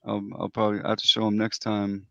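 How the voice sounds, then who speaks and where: A man hosting a livestream, giving easygoing shout-outs to viewers. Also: fairly low pitch, monotone, fast, creaky, dry recording, dull audio. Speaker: livestream host.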